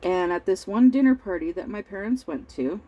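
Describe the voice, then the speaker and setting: A middle-aged woman telling a family story in a rambling, halting way, clearing her throat often and sounding over-tired. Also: mid-range voice, lively intonation, mellow, dull audio. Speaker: crafting vlogger. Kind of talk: casual storytelling while crafting.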